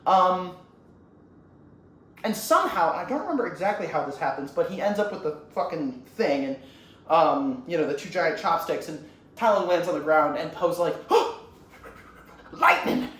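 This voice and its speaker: A man's voice: a little high, lively intonation, normal speed, fairly bright tone. A young man who rambles and swears a lot as he retells a movie scene in a casual, comic way. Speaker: YouTuber. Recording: roomy echo, faint ambient noise.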